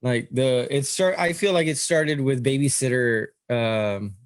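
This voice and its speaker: A man co-hosting a podcast chats casually in a medium-pitched voice at a slightly slow pace. He rambles, full of fillers, restarts and swearing. The sound is dry and clean, like a studio.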